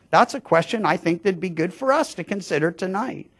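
A man with a notably high voice delivers a Bible-teaching sermon. His tone is chatty rather than grand, and he often repeats a word before finding his sentence. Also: lively intonation, normal speed, few pauses. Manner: conversational, frequent stammered restarts. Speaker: pastor.

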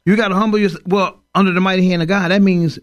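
Chatty man, slightly high voice. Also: fairly even intonation, muffled recording. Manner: chatty and upbeat, reads verses slowly and adds comments. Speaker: co-host of a Christian radio talk show. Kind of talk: casual chat and reading scripture.

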